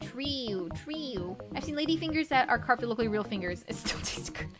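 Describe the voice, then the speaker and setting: A bubbly young woman streams, chatting casually with her chat in a high, lively voice that bounces all over. She piles up quick repeated yeahs. Music plays clearly in the background of the stream. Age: young adult. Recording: stream with music playing behind.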